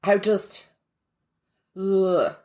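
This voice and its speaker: A woman's voice: medium pitch, steady tone, drawn-out words, darkish tone. A woman co-hosting a podcast in casual chat, chatty and frank with a wry edge. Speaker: podcast co-host.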